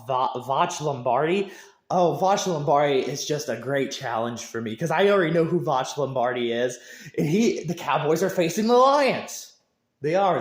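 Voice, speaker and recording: A man's voice: a little high, a little mellow. A man with a slightly raised voice rants about football, emphatic and rambling, restarting his sentences often. He sounds like he is talking to camera in a reverberant room. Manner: emphatic, repetitive, stumbling restarts. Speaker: football fan vlogger. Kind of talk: rambling sports rant to camera.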